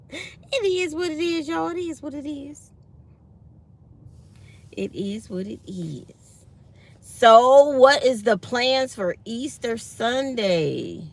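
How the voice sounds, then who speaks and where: A woman, chatting casually to her viewers from her parked car, telling lively stories with acted-out quotes. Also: mid-range voice, vocal fry. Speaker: vlogger. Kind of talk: casual morning chat to viewers.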